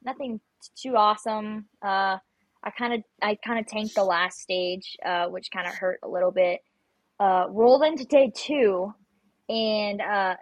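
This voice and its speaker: This rough, echo-free recording captures a young adult woman with a mid-range voice. She's a guest on an interview show, a competitive shooter chatting casually and telling stories while mimicking her own panicked remarks.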